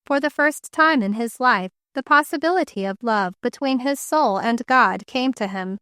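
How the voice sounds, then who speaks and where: Smooth high-voiced woman narrating a novel. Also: no room sound, clean studio sound. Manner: measured, even storytelling. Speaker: audiobook narrator. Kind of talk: scripted narration.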